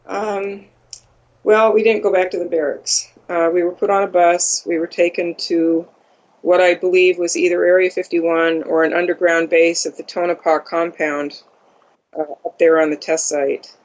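Flat halting speaker, dull lo-fi audio. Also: mid-range voice. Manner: halting, many ums and uhs, flat monotone delivery. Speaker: interview guest. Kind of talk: first-person account in conversation.

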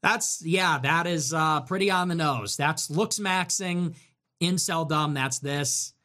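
A man's voice: a little high, takes it slowly, bright, forceful tone. A man hosting a livestream, ranting in a sarcastic, mocking way to his chat. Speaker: livestream host. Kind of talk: livestream commentary rant.

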